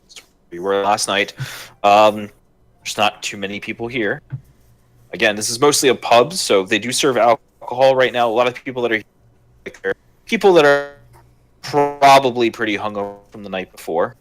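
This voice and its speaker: A man's voice: on the low side, moderate pace, long pauses, fairly bright tone. A man acting as game master, narrating casually with a lot of fillers and hesitations.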